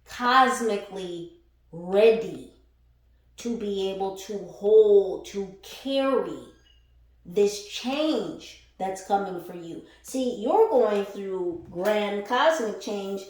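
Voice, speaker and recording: This tarot reader's voice sits at a medium pitch with a slightly mellow quality. Speaking casually to her followers, she delivers a spiritual reading that's frank and profane, punctuated by frequent laughter. Her recording sounds distant, captured in an echoey room.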